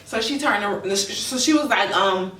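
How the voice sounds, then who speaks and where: A woman's voice: mid-range voice, a little slow, fairly bright tone. A young woman vlogger candidly and emotionally telling a personal story to her viewers. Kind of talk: storytime vlog. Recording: echoey room, mic at a distance.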